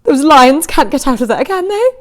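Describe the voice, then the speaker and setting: A frightened housewife on the edge of tears, begging and pleading in a high, lively voice, put on by a woman reading the story aloud. Her pitch leaps up and down as the fear shows through. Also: moderate pace. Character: anxious frightened housewife, tearful.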